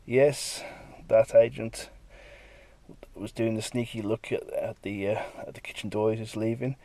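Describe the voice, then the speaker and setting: Lowish-voiced guy showing off his comic pages, rambly, jumps into character voices now and then. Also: fairly even intonation, a little slow, vocal fry, mellow. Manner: rambling, acts out bits of dialogue. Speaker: comic artist.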